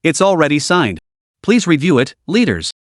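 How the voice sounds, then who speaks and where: A timid young employee who stammers out a fearful explanation, read by a man with a lively voice. The recording is dry and close. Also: fairly high pitch, normal speed, dry recording. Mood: nervous.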